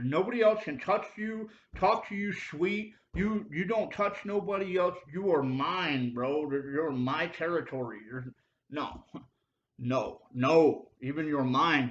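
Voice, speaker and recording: A young man giving a casual, slangy preaching monologue, emphatic and at times loudly insistent. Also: on the high side, slight background noise. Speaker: ministry video speaker. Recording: dull lo-fi audio.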